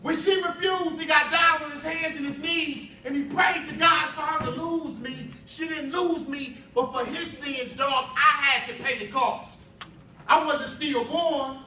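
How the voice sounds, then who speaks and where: A man giving an impassioned spoken word performance at a youth summit, building rhythm through repetition and shouting at the peaks. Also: very high-pitched, fairly even intonation, unhurried. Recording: echoey hall from far off with faint ambience.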